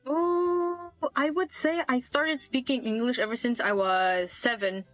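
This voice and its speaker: A young woman from Malaysia, a university student, chatting as an interview guest and telling stories in an animated way. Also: sits high, a little slow, dry recording, soft background music, poor audio. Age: young adult. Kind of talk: casual video interview chat.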